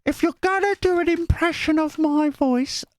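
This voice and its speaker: Squeaky young woman, prim and slow, put on by a man mid-reading. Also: no echo. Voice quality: squeaky, high falsetto.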